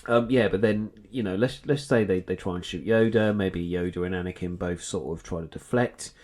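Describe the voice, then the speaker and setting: A man's voice: low voice, fairly quick, a little mellow. A man co-hosting a podcast, chatting casually and playing out what-if scenarios with many restarts. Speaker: podcast co-host. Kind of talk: casual chat.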